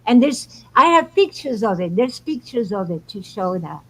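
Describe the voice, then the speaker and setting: A woman's voice: mid-range voice, big pitch swings, normal speed, a bit bright, slightly rough, poor audio. A woman guest on a talk show, telling spiritual stories in an earnest, meandering way. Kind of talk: casual storytelling chat.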